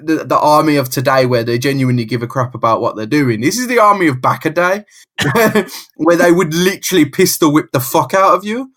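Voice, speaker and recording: A man's voice: a little high, a little fast, fairly bright tone. A man co-hosting a podcast, chatting casually and laughing as he riffs on jokes. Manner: giggly, riffing on jokes. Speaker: podcast co-host. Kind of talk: casual comic-book chat.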